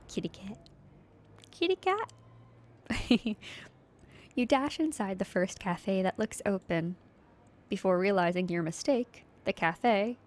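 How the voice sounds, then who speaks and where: A young woman with a Philadelphia accent, playing a story game, reading narration aloud with chatty, giggly asides. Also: medium pitch. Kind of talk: casual game playthrough narration.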